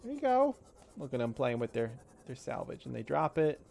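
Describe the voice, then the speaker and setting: A man's voice: medium pitch, huge pitch swings, moderate pace, vocal fry, a little mellow, slight background noise. A man streaming a game live, chatting casually and swearing as he thinks aloud. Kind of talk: live gameplay commentary.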